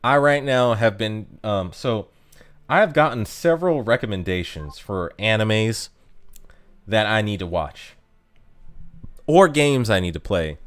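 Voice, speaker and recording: An American man chatting casually to viewers on a live stream, rambling, with lots of fillers and restarts. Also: fairly low pitch. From United States.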